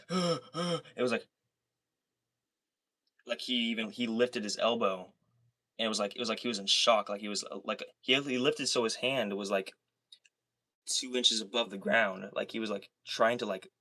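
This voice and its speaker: Rambling, excitable young man, dry room. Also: fairly low pitch, a little fast, no echo. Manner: excitable, rambling, heavy swearing and filler words. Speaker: livestreamer. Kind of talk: rambling livestream monologue. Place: small soundproofed room.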